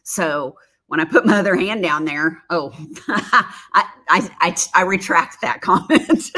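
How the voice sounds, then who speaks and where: Chatty low-voiced woman in her fifties. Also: pushed and bright. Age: 50s. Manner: chatty, laughs often, rambling asides. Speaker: livestream host, former makeup artist. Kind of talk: casual live-stream chat reading viewer comments.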